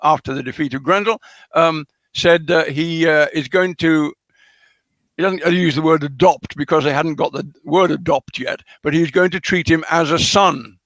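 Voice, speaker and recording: A man being interviewed as a scholar, explaining carefully in an unhurried lecturing way, full of ums and restarts. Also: on the high side, a bit bright, no echo. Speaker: guest scholar. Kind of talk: lecturing conversation.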